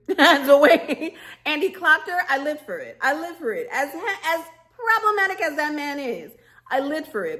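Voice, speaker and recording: A woman's voice: sits high, pushed and bright. A woman ranting to camera in a casual vlog, sassy and emphatic, often breaking into laughter. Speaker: vlogger reviewing a reality show.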